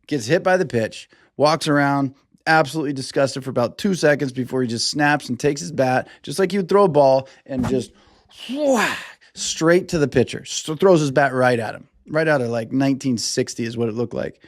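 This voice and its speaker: Profane, animated male podcast host. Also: mid-range voice, no room sound, clean studio sound. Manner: animated, profane, acts out players in quick put-on voices. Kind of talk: casual sports commentary.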